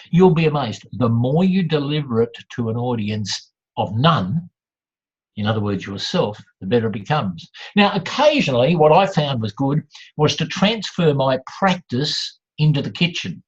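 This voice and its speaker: A man's voice: mid-range voice, lively intonation, moderate pace, husky. An older man with an Australian accent, a professional speaker giving a blunt, humorous talk to an audience and playing with pace and emphasis. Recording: dull lo-fi recording.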